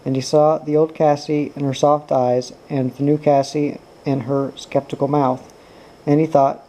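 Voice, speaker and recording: A man narrating a novel aloud in a steady, even way. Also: on the high side, normal speed, low-quality recording. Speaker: audiobook reader. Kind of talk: novel reading.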